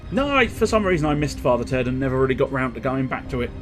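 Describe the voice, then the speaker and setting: A man's voice: mid-range voice, big pitch swings, fast. A man chatting casually while streaming a game, joking about his own character voices. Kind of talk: casual live game commentary. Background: game music.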